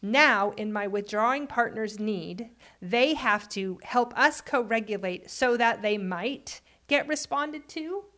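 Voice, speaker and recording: A woman co-hosting a conversational podcast, explaining relationship patterns in an animated way with frequent laughs. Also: on the high side, takes it slowly, hardly any pauses. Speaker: podcast co-host.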